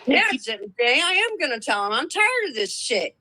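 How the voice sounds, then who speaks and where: A woman's voice: sits high, sing-song, normal speed, sharp tone, no echo, rough recording. A woman on a casual live stream, ranting defiantly and swearing a lot.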